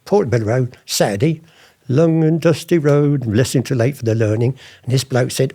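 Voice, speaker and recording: Older guy, raspy and a bit gravelly, yarning away, does the voices of people in his stories. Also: medium pitch, a little fast, mellow. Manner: chatty, acts out past conversations in different voices. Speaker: interviewee, former art forger. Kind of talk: anecdotal interview storytelling.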